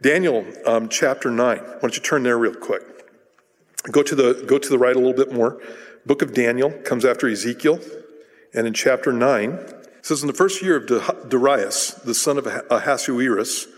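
Conversational preacher in a reverberant hall. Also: male voice, medium pitch, normal speed. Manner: conversational, animated storytelling with frequent restarts. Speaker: pastor. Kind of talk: sermon.

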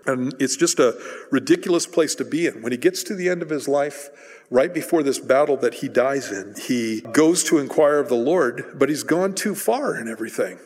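A man giving a sermon in an easygoing, storytelling manner, now and then slipping into the voices of the people in his story. His voice has a middle pitch and carries a long reverb, as if he is speaking in a large hall. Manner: conversational storytelling, acts out voices in retellings. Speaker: preacher.

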